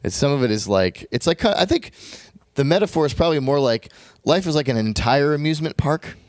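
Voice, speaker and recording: Brief: man, podcast co-host, lively swooping pitch, close dry mic, laughs a lot, rambles with restarts. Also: fairly quick, no room sound. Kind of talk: casual chat.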